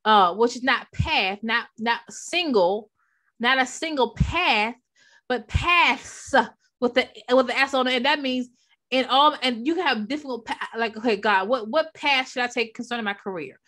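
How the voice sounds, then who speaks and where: A woman's voice: on the high side, normal speed, bright, forceful tone. A woman teaching from the Bible in a preaching style, leaning hard on repeated key words and calling out to her listeners as she speaks into a microphone.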